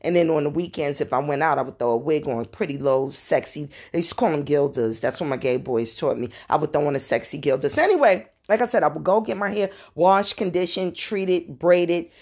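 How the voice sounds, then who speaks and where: Podcast host: New woman, low voice, chatty storyteller with laughing asides. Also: animated, fairly quick, few pauses, darkish tone. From New York. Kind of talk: casual storytelling.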